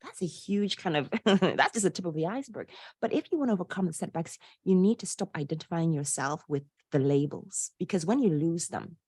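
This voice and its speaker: Podcast guest, woman, low-pitched, animated inspirational storyteller, dry close sound. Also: a little fast, hardly any pauses, husky, no echo. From Poland. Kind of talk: conversational interview.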